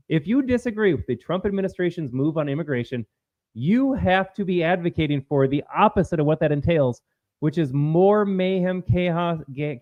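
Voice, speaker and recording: A man hosting a livestream with a combative, sarcastic edge to his talk. His voice sits a little high. The sound is dull and lo-fi, like a stream mic. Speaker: political commentary host. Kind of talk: livestream commentary.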